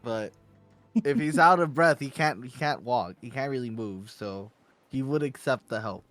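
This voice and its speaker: A man's voice: medium pitch, moderate pace, a bit bright, no room sound. Male player thinking aloud about his character, faint music behind. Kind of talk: playing a tabletop game.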